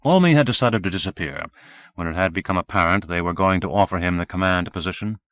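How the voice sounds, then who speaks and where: A man reading a novel aloud as audiobook narrator in a steady, measured way. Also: deep voice.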